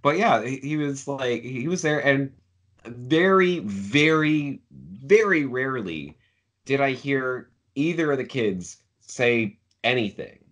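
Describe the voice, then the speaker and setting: A man's voice: medium pitch, lively intonation, takes it slowly, a bit bright. A man from Canada co-hosting a casual film review podcast, rambling good-humoredly and laughing often. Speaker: podcast co-host.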